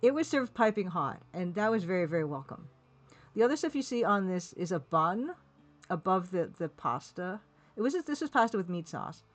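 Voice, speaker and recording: A woman's voice: lowish voice, very animated, normal speed. A woman streaming live, chatting casually and rambling while reading viewers' comments, laughing now and then. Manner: chatty, rambling, laughs often, reads chat aloud.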